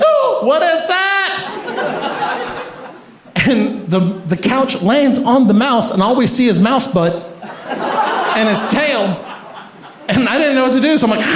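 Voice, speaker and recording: Male stand-up comic, high voice, lively storyteller, roomy echo. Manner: animated, laughs through his story. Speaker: stand-up comedian. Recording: echoey room with ambient noise.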